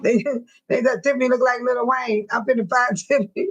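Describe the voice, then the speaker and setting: A woman's voice: on the high side, fairly even intonation, fairly quick, low-quality recording. A woman hosting a casual livestream, reading viewers' chat messages aloud and often laughing as she talks straight to them in informal, slangy speech. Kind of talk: casual live-stream chat.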